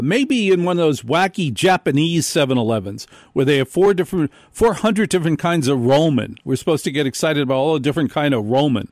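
A man hosting a radio show, telling a comic story in an animated way and acting out the people in it. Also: on the high side, fairly quick, hardly any pauses, dry recording, studio quality. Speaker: radio host. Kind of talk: comedic radio monologue.

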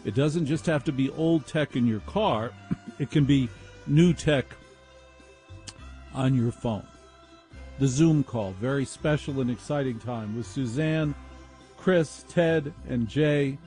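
A man's voice: mid-range voice, takes it slowly, long pauses, mellow. Radio host guy being playfully sarcastic, laundry room zoom, light music in the back. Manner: sardonic, playful. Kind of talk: comedic radio monologue. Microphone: video call.

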